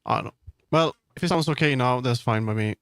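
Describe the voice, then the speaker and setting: A man's voice: medium pitch, brisk, vocal fry, a bit bright, clear, resonant tone, no room sound, clean studio sound. A man streaming live, chatting casually and muttering to himself as he troubleshoots. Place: home streaming setup.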